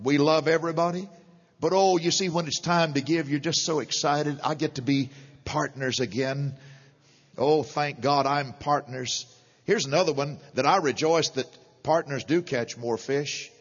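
A middle-aged man preaching a sermon, animated and chuckling between points. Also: on the high side, normal speed, big-room sound. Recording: dull lo-fi sermon recording.

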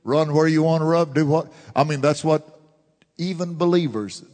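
Fervent high-voiced preacher, reverb. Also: male voice, fairly even intonation, normal speed. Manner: fervent preaching, swinging from shouts to hushed murmurs. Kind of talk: sermon. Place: church sanctuary. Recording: long church reverb.

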